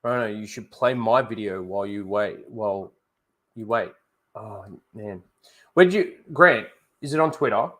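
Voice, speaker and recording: A man's voice: lowish voice, normal speed, fairly bright tone. A man hosting a casual livestream, rambling, correcting himself and talking straight to his viewers. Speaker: livestream host.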